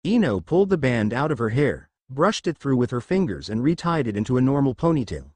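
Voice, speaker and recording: A man reading fan fiction aloud as the narrator, in a steady storytelling manner. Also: medium pitch, a little fast, few pauses, husky, dry recording.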